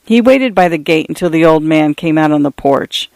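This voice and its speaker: A man reading a novel aloud as an audiobook narrator, measured storytelling with slight tone shifts for characters. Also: fairly high pitch, creaky, darkish tone, dry recording.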